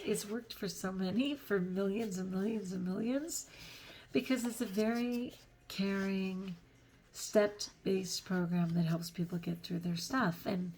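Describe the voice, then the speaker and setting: A middle-aged woman vlogs about her life in a mid-range voice, with a little background noise in the clip. She's chatty and self-deprecating, earnestly reflecting on her faith and often laughing between thoughts.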